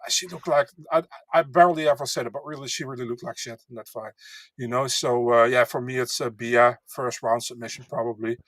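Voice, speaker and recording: A man co-hosting a podcast, giving fight picks in a hesitant way, with many fillers and pauses while he searches for words. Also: medium pitch, fairly even intonation, a bit bright, dry recording. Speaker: podcast co-host. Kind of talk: casual sports betting chat.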